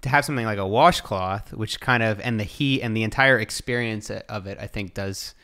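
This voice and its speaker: A man hosting a podcast interview, asking thoughtful questions and reflecting out loud as he feels for his words. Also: fairly low pitch, normal speed. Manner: thoughtful, searching questions with restarts. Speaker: podcast host. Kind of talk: casual interview chat.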